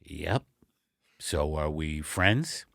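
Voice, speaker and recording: A man voicing Al, a bumbling, apologetic middle-aged husband, in a low mumbling voice in an improvised comedy sketch. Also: lively intonation, extremely slow, a bit bright, no room sound, clean studio sound, heavily acted. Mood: sheepish. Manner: low, gravelly, mumbling and sheepish. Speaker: comedy podcast co-host.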